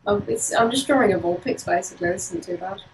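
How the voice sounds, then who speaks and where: A woman from the UK casually chatting on an art stream, telling animated stories and acting out quotes. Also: medium pitch, fast talker, slight background noise, low-quality recording. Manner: animated storyteller, acts out quotes and laughs often. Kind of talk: casual chat while drawing.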